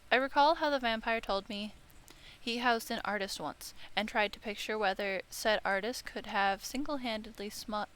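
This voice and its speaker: A woman's voice: mid-range voice, fairly bright tone, clear, resonant tone. A woman playing a visual novel, reading the narration aloud with casual remarks, stumbling and correcting herself. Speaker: let's-play streamer. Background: game music.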